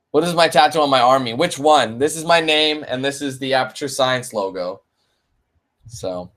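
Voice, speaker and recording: A man's voice: mid-range voice, measured pace, pauses often, a bit bright. A young man hosting a casual live Q&A for his gaming channel, rambling, laughing and swearing freely. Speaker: let's play channel host.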